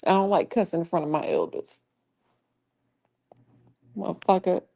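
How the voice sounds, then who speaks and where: A woman's voice: fairly low pitch, very animated, moderate pace, vocal fry, mellow. A woman hosting a casual livestream who talks profanely and scolds trolls in her chat in a confrontational tone. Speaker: livestream host.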